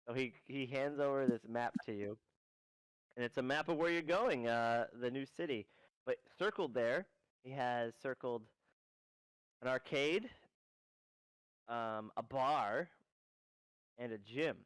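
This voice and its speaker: A man's voice: mid-range voice, a little slow, pauses often, smooth, no echo, low-quality recording. A man narrating as game master in a casual, rambling way.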